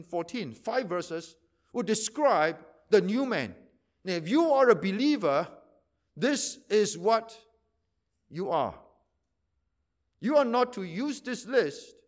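A pastor preaching a sermon, repeating phrases for emphasis and swinging from loud to quiet. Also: male voice, high-pitched.

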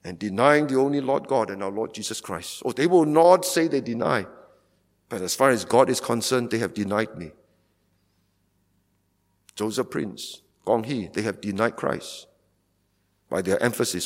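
A man's voice: medium pitch, very animated, moderate pace, pauses often. A man preaching a fervent sermon as pastor, repeating phrases and driving points home with rising emphasis. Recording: long hall reverb.

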